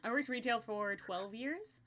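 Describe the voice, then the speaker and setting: A young woman hosting a podcast in casual chat, animated and quick to laugh, with a slight natural vocal fry and casual swearing. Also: on the high side. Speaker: podcast host.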